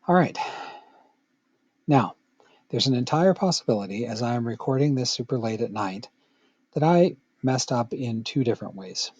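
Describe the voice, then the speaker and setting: A man's voice: mid-range voice, animated, normal speed, long pauses, a little mellow, breathy edge, dry recording, muffled recording. A middle-aged man teaching a recorded Latin grammar lesson, patient and playful, with joking asides to the student.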